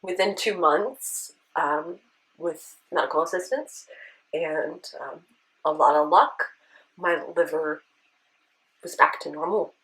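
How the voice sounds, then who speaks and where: A woman with a lowish voice tells a personal story to her camera in an earnest, searching way. She often checks in with the listener, and her voice stays close to tears. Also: slow, long pauses, a bit bright, rough recording. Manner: earnest, tearful at times, with rhetorical "right?". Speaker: beauty vlogger.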